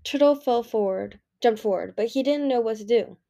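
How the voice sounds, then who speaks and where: A woman's voice: on the high side, moderate pace, gravelly, dark tone. A woman reading a fantasy novel aloud, voicing the characters' dialogue. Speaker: audiobook reader.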